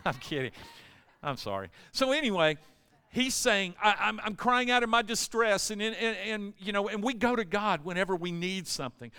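Smooth-voiced man preaching a sermon. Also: sits high, animated, measured pace, pushed and bright. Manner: joking, conversational preaching with fillers and acted-out prayers. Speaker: pastor. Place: church sanctuary. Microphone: amplified microphone, loud in the room.

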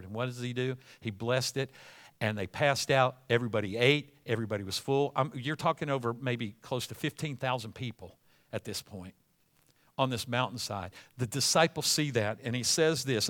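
A man preaching a sermon, retelling scripture as a lively story and acting out the scenes. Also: mid-range voice, brisk.

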